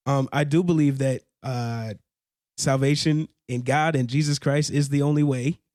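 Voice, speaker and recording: A man's voice: mid-range voice, steady tone, moderate pace, darkish tone, dry recording, studio quality. A young man co-hosting a casual faith podcast, earnest and laughing often, sometimes searching for words. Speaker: podcast co-host.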